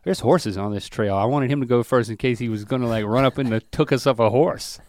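A middle-aged man co-hosting a casual comedy chat, telling rambling, self-mocking stories about his kids. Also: brisk. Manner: rambling, self-mocking storytelling with lively pitch swings. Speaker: podcast co-host.

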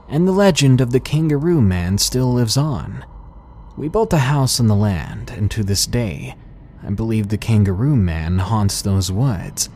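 A man reading out submitted scary stories as scripted horror narration, slow and measured. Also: mid-range voice, darkish tone, slight background noise.

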